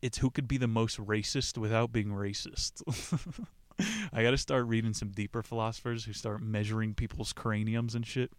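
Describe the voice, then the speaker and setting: A man's voice: on the low side, moderate pace. Irreverent, rambling male podcast host. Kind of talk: casual book discussion podcast.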